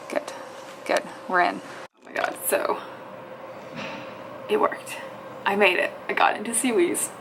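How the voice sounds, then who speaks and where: Speaking at normal speed with fairly even intonation, this woman has a mid-range voice set against a noisy background. As a fitness vlogger, she casually narrates her exasperated, profanity-laced struggle to sign up online, addressing both herself and her audience.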